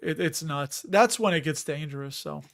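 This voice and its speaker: A man's voice: on the high side, normal speed, creaky, a bit bright. A middle-aged man casually chatting on a livestream, reading viewer comments, laughing often and restarting words. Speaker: livestream host.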